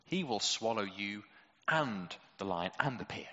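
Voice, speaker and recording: A male preacher gives a sermon in a conversational, teasing way, full of rhetorical questions. His voice sounds bright and forceful. It carries a long hall echo and has a muffled, dull tone. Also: on the low side, animated, a little slow. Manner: conversational, lots of rhetorical questions, playful asides.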